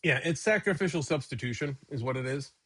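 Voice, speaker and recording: A man with a husky voice talks through a casual Bible discussion as a pastor and co-host. He jokes a lot and jumps up in pitch when he acts out quotes. His voice sits in a middle range. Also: brisk. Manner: animated and joking, acts out quotes in a raised voice.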